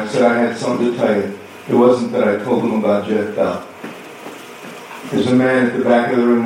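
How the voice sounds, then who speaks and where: A man preaching a sermon as pastor, telling a story and acting out both sides of a conversation with lively swings in voice. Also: mid-range voice, a little hiss or hum. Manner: animated storytelling, acting out dialogue. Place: church sanctuary. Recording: echoey hall from far off.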